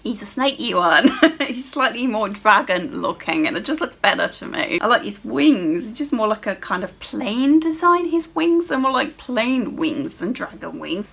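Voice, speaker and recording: A woman's voice: medium pitch, big pitch swings, normal speed, gravelly, a bit bright, husky. A young woman giving casual gameplay commentary, giggly and sweary, gushing over what she sees on screen. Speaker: gamer.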